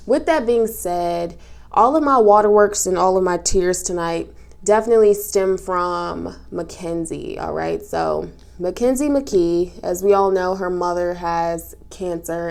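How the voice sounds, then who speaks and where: A woman with a somewhat low voice talks casually through a reality show recap. She is tearful and sniffling, stopping and restarting with plenty of fillers as she goes. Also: a little mellow. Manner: emotional, talks through tears, many fillers. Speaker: recap vlogger.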